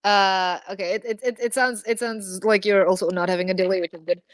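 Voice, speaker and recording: A woman running a tabletop game as game master, talking in a hesitant, halting way with many fillers. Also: medium pitch, fairly even intonation, no echo. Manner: hesitant, many ums and likes.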